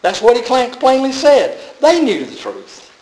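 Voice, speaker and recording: A man's voice: very high voice, wildly swooping pitch, measured pace, darkish tone, roomy sound, slight background noise, poor audio. A man preaching a sermon emphatically, often repeating words and restarting.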